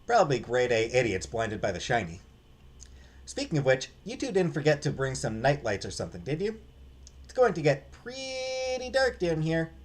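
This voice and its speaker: Game voice: a man doing a bossy explorer woman with a sharp tongue, lively, a bit husky. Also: on the high side, moderate pace. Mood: sarcastic. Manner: sarcastic, cutting. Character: sarcastic, bossy young female explorer.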